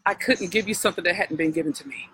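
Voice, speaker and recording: A woman's voice: lowish voice, fast, a bit bright, slight background noise, poor audio. A woman coach giving a heartfelt, preacher-like healing talk on a live stream, speaking directly to her listeners. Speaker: spiritual wealth coach.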